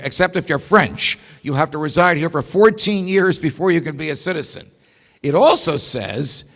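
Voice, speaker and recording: A man's voice: fairly high pitch, a bit bright. A man giving a lecture-style keynote speech, an emphatic storyteller who poses rhetorical questions and drops wry asides. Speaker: keynote speaker. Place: large meeting hall. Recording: long hall reverb.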